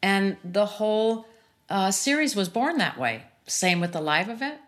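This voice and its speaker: A woman's voice: mid-range voice, big pitch swings, measured pace. A middle-aged woman and sound healer speaking earnestly and reflectively as a guest, with many "you know" fillers. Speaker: sound healer and interview series host, as guest. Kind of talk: personal conversation about grief.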